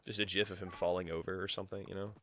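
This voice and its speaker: A man's voice: low-pitched, level tone, very fast, bright, forceful tone, a little hiss or hum. A man streaming a game live, swearing freely and chatting with his viewers and his cat. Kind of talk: live gameplay commentary.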